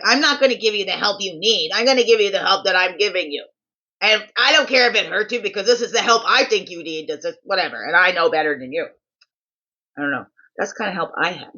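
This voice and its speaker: A man's voice: high voice, muffled recording. A tired man hosting a daily reflection video, musing and asking many questions in a rambling, personal way. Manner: musing, asks many questions, quotes others in animated voices.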